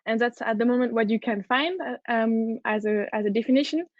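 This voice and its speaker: Brief: woman with a French accent, conference speaker, fairly high voice, earnest and keen, dull dry recording. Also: a little fast, dry recording. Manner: enthusiastic, earnest, with frequent restarts. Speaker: head of product, conference speaker. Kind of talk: conference talk.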